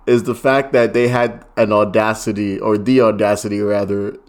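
Podcast co-host, laughs a lot, rambling, casual chat, mid pitch. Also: level tone, moderate pace, a little mellow.

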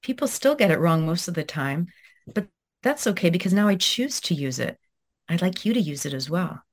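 Thoughtful female author, thirties, lowish voice, hesitant and reflective. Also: animated, moderate pace. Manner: soft, reflective, with many hesitations and restarts. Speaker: guest author. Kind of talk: conversational interview, then reading her own essay aloud.

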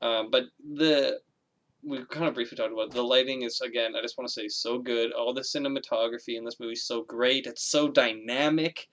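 A man with a bright, forceful voice in a loose, casual film chat. He swears freely, laughs as he retells scenes and breaks into quick acted-out quotes. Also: medium pitch, steady tone.

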